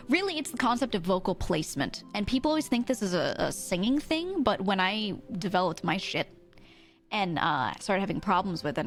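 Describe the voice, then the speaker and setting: A young woman streaming from home, chatting casually with many fillers, swearing and laughing often. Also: mid-range voice. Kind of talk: casual live-stream chat.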